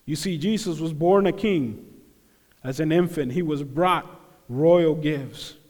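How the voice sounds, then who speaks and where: Guy preaching a sermon, slow and drawn out, high voice, big reverby hall. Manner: animated preaching, acts out crowd voices, drops to hushed tones. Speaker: pastor.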